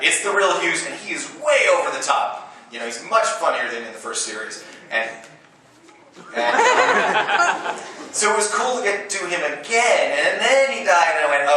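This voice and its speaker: A middle-aged man, a voice actor and convention panel guest, telling lively anecdotes with frequent laughter and acted-out quotes. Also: a little high. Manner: animated storyteller, laughs often, quotes others. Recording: roomy hall recording from far off with noise.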